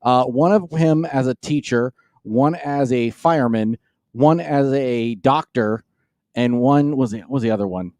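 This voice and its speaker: A man's voice: medium pitch, a little slow, a little mellow, dry recording. A man hosting a comedy podcast, telling stories in a playful, teasing way. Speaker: podcast host. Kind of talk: casual comedic chat.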